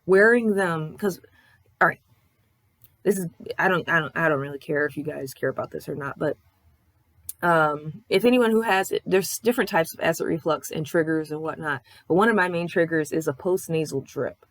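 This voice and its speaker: Low-voiced woman rambling a life update. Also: moderate pace, no echo. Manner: candid, swears freely, rambling storytelling; acts out other people's lines in quoted voices. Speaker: vlogger. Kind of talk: casual life-update chat.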